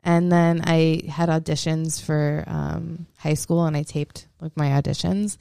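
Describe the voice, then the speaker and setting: A woman's voice: sits low, level tone, measured pace, creaky, mellow, smooth, no room sound. A woman with a faint Brooklyn accent, co-hosting a podcast with dry remarks and stories. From Brooklyn, New York. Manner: dry, wry remarks, storytelling. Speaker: podcast co-host. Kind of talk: casual podcast chat.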